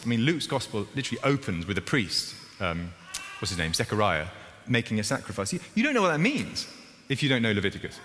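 A male pastor giving a conversational sermon, with lively emphasis and wry asides. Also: medium pitch, slight background noise. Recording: reverberant hall with faint ambience.

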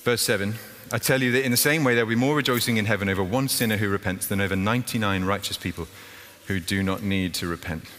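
A bright-voiced man preaches in a church, his words ringing back off the hall around him. He talks in an animated, playful way. A faint hiss sits under the sound. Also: lowish voice, fast talker, few pauses. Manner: animated, playful, dashes about acting out a story. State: out of breath. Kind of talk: lively sermon with acted demonstration. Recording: echoey hall with faint noise.

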